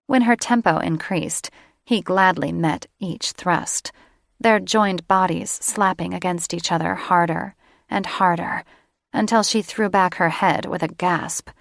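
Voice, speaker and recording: A woman narrates a romance audiobook in a measured, unhurried read with a soft, sensual touch. Her voice sits low with a gravelly grain, recorded close and dry. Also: no echo.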